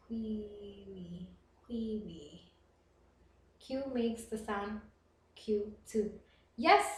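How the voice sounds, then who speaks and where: A woman streaming live, chatting casually with viewers and reading their comments aloud, animated and quick to laugh. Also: a little high, a little hiss or hum. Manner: animated, laughs often, reads chat aloud. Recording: roomy echo.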